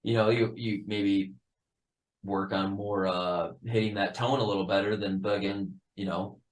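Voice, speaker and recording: A man from a metal band, a guest on a casual podcast. He talks in an excitable, profane way and laughs often. His voice sits a bit low. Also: unhurried.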